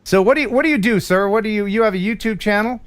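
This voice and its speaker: Quick-paced and clean in tone, this American host's voice sits high as he jokes through a casual live stream and reads the chat aloud.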